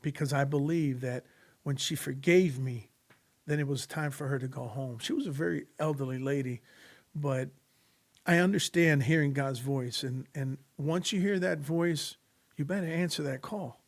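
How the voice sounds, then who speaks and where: A man with a fairly high speaking voice tells a personal faith story in an earnest, preacherly way. He slips into the voices of the people he quotes and leans into the lessons he draws. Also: moderate pace. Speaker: podcast guest sharing testimony. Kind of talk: storytelling testimony in casual conversation.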